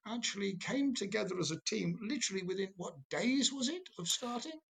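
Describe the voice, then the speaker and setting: A man's voice: high voice, lively intonation, brisk, vocal fry, breathy edge. A man hosting a casual interview, chuckling often as he reminisces with a former student. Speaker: host and former lecturer.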